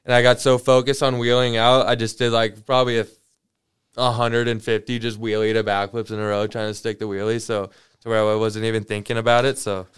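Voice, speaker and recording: A young man with a mid-pitched, very smooth and resonant voice, guesting on a podcast. He speaks quietly and in a low-key way, often trailing off into mumbles. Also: level tone, brisk. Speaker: guest, motocross rider. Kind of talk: casual podcast chat.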